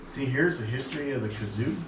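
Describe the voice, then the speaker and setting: A man's voice: medium pitch, fast talker, echoey room, recorded from a distance, background noise. A man co-hosting a local radio talk show, joking and laughing a lot as he banters with his co-host and guest. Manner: jokey, laughs often. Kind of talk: casual banter. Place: radio studio.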